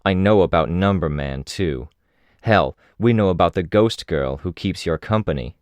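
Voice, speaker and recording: An actor reading a hostile, metal-skinned young team leader in an audiobook, speaking in a harsh, confrontational tone. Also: male voice, low-pitched, expressive, moderate pace, darkish tone, no room sound.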